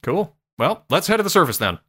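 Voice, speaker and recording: A man's voice: fairly high pitch, very animated, fairly quick, pushed and bright. A man hosting a podcast, talking casually and at length, rambling a bit and joking with frequent laughs. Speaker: podcast co-host.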